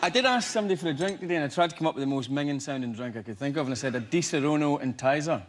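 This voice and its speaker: A Scottish man in his thirties, a guest actor on a chat show, talking in a relaxed, jokey way. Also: fairly high pitch, very fast, a little hiss or hum. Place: TV studio with live audience.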